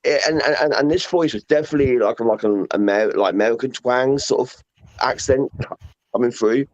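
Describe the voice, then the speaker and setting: A man's voice: mid-range voice, normal speed, a little mellow, no room sound. A man with a London accent, a guest talking about paranormal investigating in a casual, rambling way full of fillers and repeats. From England. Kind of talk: casual chat. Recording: muffled lo-fi audio.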